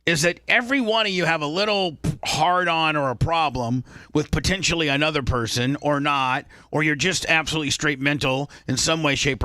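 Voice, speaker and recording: Radio host guy, bright higher voice, dry studio sound, lecturing and restarting a lot. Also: dry recording. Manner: defensive, lecturing, repetitive restarts. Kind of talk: on-air argument with a co-host.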